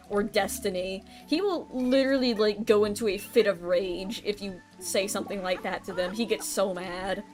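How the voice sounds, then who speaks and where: A woman streamer chatting casually while she plays, rambling through a recap with many ums and restarts. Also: medium pitch. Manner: rambling recap with filler ums and self-corrections. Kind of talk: casual gameplay stream chat.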